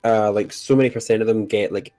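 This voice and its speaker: Woman, very low voice, casual co-stream chat, dry short replies. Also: fairly even intonation, quick pace, warm tone, faint music behind.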